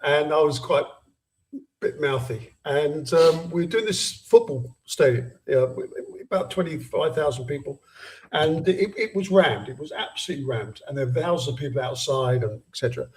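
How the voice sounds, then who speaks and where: A man with a fairly high voice, a musician guest in an interview. He tells his stories wryly, laughing along the way. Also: moderate pace, a little hiss or hum, rough recording. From England. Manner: wry, laughing storyteller. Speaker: pop band member, interview guest. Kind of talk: casual interview chat.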